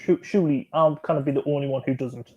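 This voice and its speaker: Mellow-voiced chatty male stream host. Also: mid-range voice, steady tone, fast talker, husky, dull audio. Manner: chatty, joking, often laughing, reads out viewer comments. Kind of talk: casual live-stream chat reacting to music videos.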